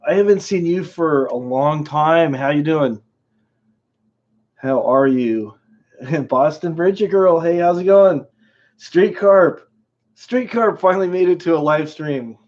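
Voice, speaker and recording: A man's voice: on the high side, takes it slowly, a little mellow. Guy rambling on his stream, laughing, saying hi to chat, kinda dull lo-fi audio. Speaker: live stream host. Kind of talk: casual chat with viewers.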